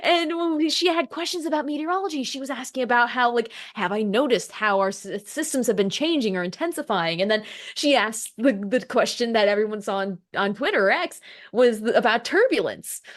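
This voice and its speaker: A woman meteorologist from the United States, a podcast guest, telling stories in casual conversation with excited, laughing energy and quoted voices. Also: on the high side, moderate pace.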